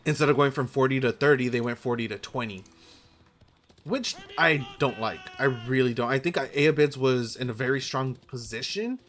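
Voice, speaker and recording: A man casting a strategy game match, opinionated, quick to correct himself, and his voice is going hoarse. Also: mid-range voice, a bit bright, slight background noise. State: losing his voice. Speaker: game caster. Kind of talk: play-by-play strategy game commentary.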